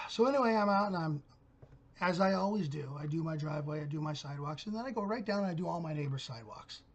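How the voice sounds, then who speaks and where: A man's voice: fairly high pitch, animated, quick pace, dull audio. A middle-aged man hosting his own channel, telling a story in a blunt, profane rant. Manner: blunt, gruff, cursing storyteller. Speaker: channel host.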